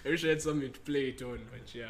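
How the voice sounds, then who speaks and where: A man co-hosting a casual chat, telling a rambling, animated story with lots of fillers. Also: mid-range voice, rapid-fire, crowd noise. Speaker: podcast co-host.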